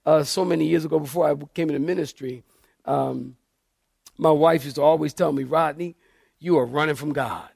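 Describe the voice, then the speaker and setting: A man preaching a sermon in church, telling lively stories and acting out the voices of people in them. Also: fairly high pitch, creaky, no room sound, studio quality. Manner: animated storyteller, acts out quoted voices. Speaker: pastor. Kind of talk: sermon storytelling.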